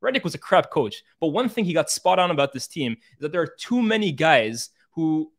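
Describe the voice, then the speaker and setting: A man's voice: a little high, very animated, fairly quick, fairly bright tone. A man co-hosting a football podcast, giving a blunt and frustrated take. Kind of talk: football debate.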